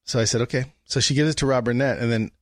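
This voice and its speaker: A man's voice: medium pitch, fast talker, no room sound, clean studio sound. A man as a guest, telling a story in a casual conversation and acting out the people he quotes. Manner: animated anecdote-telling, acts out quoted dialogue.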